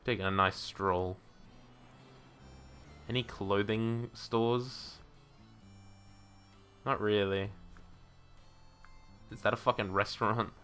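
A man streaming a game, talking casually to himself and viewers, swearing freely, laughing often and bursting into loud outrage. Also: lowish voice, fairly even intonation, slow, long pauses, soft background music. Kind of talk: casual gameplay commentary.

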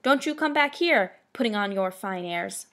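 A woman voicing a scrawny, rough girl bully who jeers and shouts taunts in a storybook reading. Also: mid-range voice, expressive, moderate pace. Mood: jeering. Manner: loud, jeering.

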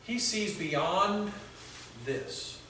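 A male pastor giving a conversational sermon, telling stories with halting restarts. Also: high-pitched, pushed and bright, a little hiss or hum. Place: church sanctuary. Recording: very echoey church hall from far off.

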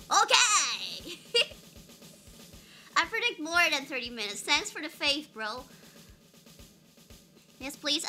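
A woman's voice: sits high, bright, forceful tone. A young woman streaming a game, chatting playfully with her chat and giggling often. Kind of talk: casual live-stream chat.

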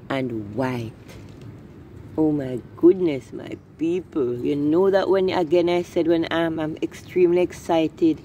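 A woman with a low, mellow voice vlogs casually from her garden, walking with a handheld phone camera and narrating a tour for her viewers. She's effusive, exclaiming with delight and repeatedly calling out "my people." The recording is rough, with slight background noise.

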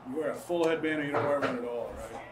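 A man playing a video game match, cheering and complaining at the screen in an excitable way. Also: fairly high pitch, quick pace, far from the mic. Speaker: gamer playing in a tournament. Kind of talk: casual live reactions to a video game match. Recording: echoey room with background noise.

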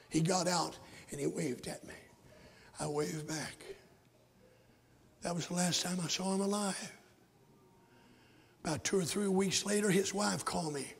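An older man preaching a sermon, telling a story with fervent delivery that swings from shouts to whispers, in a raspy voice. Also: high-pitched. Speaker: pastor. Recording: echoey hall.

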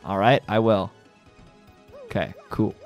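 A man's voice: fairly low pitch, takes it slowly, soft background music. A young man chatting casually while playing through a video game. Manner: chatty, gushing, laughs easily. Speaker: let's play host.

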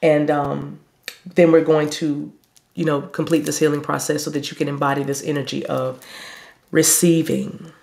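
Woman spiritual reader, gravelly texture, slow soothing meditation delivery. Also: low-pitched, flat delivery, darkish tone. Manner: slow, soothing, drawn-out phrasing. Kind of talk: spiritual talk and guided meditation.

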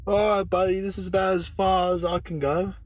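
A man's voice: high voice, flat delivery, fairly quick, soft background music, close to an everyday voice. A man voicing a brash male cartoon skeleton ringleader, swaggering and swearing. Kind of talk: cartoon voice acting.

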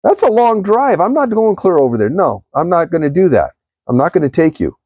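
A man's voice: high-pitched, fairly quick, breathy edge, dry recording, lo-fi sound, pitched above the performer's own voice, heavily acted. A man doing a grumpy, blunt ride driver. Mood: stubborn. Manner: blunt, flatly refusing. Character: grumpy male driver refusing a long ride.

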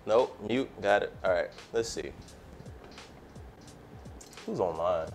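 Casual male cooking streamer, low-ish voice, slangy and easygoing, faint music underneath. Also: expressive, takes it slowly, a little mellow. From United States. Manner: laid-back, slangy, talks to chat. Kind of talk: casual live-stream chat.

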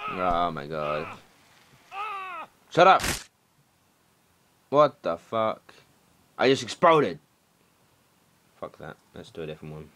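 A young man doing let's play commentary, excitable and swearing, shouting at the game. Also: on the low side, a little hiss or hum. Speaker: gaming commentator.

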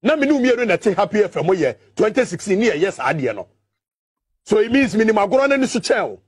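A man's voice: sits high, very animated, fast talker, breathy edge, pitched above the performer's own voice, exaggerated voice. A man putting on a stammering flustered man. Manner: stammering, repeats himself.

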